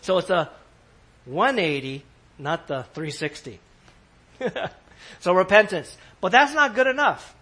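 A man's voice: sits high, expressive, measured pace, pauses often, pushed and bright, husky. A man from California preaching a sermon in a church in New York, talking casually to the congregation with laughs and asides. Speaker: pastor.

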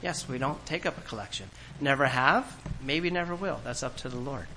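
A man's voice: mid-range voice, expressive, brisk, pushed and bright, a little hiss or hum, rough recording. A man preaching a sermon to a congregation in a church, talking in a conversational way and acting out quoted voices. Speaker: pastor.

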